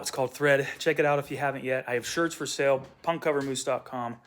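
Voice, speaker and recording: A man's voice: mid-range voice, fairly even intonation, fairly quick, a little hiss or hum. A man vlogging casually on a wooded hillside as he walks, talking in a loose, rambling way with restarts. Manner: rambling, casual, self-interrupting. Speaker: vlogger and punk musician. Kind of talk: casual walk-and-talk vlog. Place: outdoors on a wooded rural hillside.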